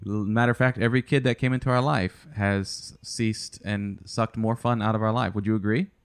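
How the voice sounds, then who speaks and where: A man's voice: fairly low pitch, steady tone, fairly quick, clean tone. A man hosting a family podcast over a video call, joking and teasing his guests. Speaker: podcast host. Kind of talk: casual chat.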